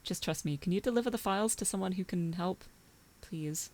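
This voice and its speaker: A woman's voice: on the low side, brisk, a little mellow. Woman reading a scared woman on the run. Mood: urgent hushed. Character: anxious young woman hiding, a hacker on the run.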